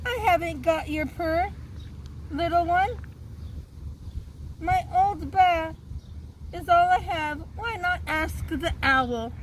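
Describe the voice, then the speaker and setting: A woman reads as a kindly old sheep in a picture book. The voice is gentle and soothing, high-pitched and slow. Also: a little hiss or hum, rough recording.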